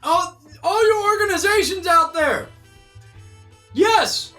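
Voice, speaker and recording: Loud, very high-pitched profane woman. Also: expressive, slow pace, soft background music. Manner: loud, shouting, swears often. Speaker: podcast co-host. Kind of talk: profane comedic rant.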